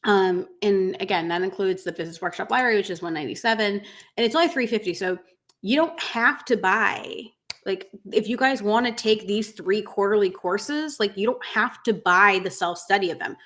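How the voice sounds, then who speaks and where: A middle-aged woman who coaches pet groomers on business talks live to her viewers in a streamed session. Her medium-pitched, slightly bright voice moves a little fast as she rambles with many fillers, emotional and near tears.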